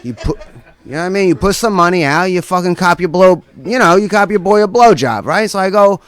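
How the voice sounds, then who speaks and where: A man's voice: high-pitched, expressive, a little fast, fairly bright tone, dry recording. A man performing a stand-up routine as a guest comedian, rambling through a profane story and tossing in constant "right?" asides.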